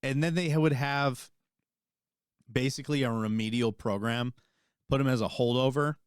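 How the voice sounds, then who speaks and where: A young man, an army veteran and podcast co-host, telling a rambling, profane story in casual chat and getting animated as he retells it. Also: medium pitch, moderate pace, smooth, dry recording, clean studio sound.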